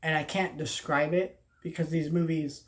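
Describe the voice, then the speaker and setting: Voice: medium pitch, fairly even intonation. Earnest, rambling young movie vlogger. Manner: rambling and halting, often trailing off and restarting; earnest and heartfelt. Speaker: film vlogger. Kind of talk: casual movie talk to camera. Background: faint background noise.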